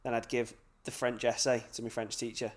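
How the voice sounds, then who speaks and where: A man's voice: medium pitch, little pitch movement, brisk. A young man co-hosting a podcast, bantering easily and leading into each segment. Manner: easygoing banter, leads into segments. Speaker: podcast co-host. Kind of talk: casual chat.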